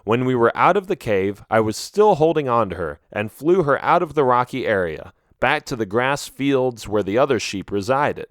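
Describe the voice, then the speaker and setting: Animated male storyteller. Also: medium pitch, normal speed, few pauses, no room sound, clean studio sound. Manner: expressive, animated reading. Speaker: audiobook narrator. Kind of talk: first-person storybook narration.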